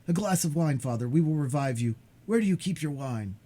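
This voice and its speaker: A man reading aloud, voicing an eager, impulsive young sailor who speaks with excited emphasis. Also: a little high, brisk, pitched above the performer's own voice. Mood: urgent. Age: young adult.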